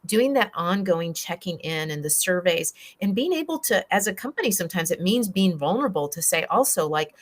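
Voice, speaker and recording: A woman's voice: on the low side, big pitch swings, a little fast, hardly any pauses. A woman speaking on a workplace wellbeing panel, earnest and emphatic as she builds on what others have said. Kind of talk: panel discussion.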